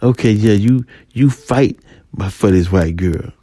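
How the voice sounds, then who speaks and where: A man's voice: on the low side, takes it slowly, dark tone, no room sound, studio quality. A man voicing cocaine as a tempting woman. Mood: seductive. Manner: taunting, coaxing, possessive.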